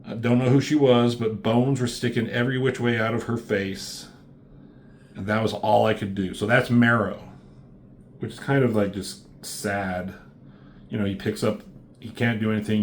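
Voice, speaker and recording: A man's voice: lowish voice, little pitch movement, moderate pace, slight background noise. A man casually recapping a comic book issue as a reviewer, rambling and offhand, swearing freely.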